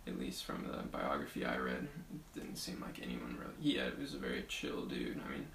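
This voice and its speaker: A man co-hosting a casual podcast chat, joking, laughing and slipping into quick impressions. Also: rumbling low, huge pitch swings, creaky, a bit bright, reverberant, recorded from a distance, slight background noise. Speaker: podcast co-host.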